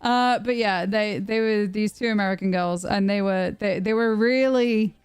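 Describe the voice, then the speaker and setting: A young British woman streaming, telling a story to her chat in a chatty, animated way with plenty of restarts. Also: medium pitch, moderate pace, clean tone, no echo, soft background music. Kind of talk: casual storytelling to a live chat.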